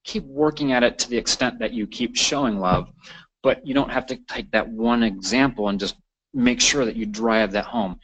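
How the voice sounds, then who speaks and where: A man's voice: mid-range voice, moderate pace, a bit bright, rough recording. A man presenting a continuing-education lecture on parenting, talking unscripted with many fillers and restarts. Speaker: counselor presenting a training course.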